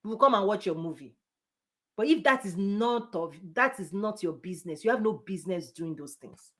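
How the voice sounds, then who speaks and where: A woman business coach giving a forceful motivational talk, repeating punchy phrases and laughing often. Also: medium pitch, lively intonation, normal speed.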